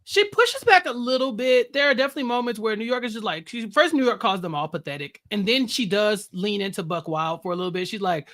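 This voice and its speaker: A man hosting a casual recap show, telling the story in an animated way and acting out what people said. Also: high voice, fast talker, few pauses. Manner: animated storytelling, acts out quotes. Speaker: podcast host.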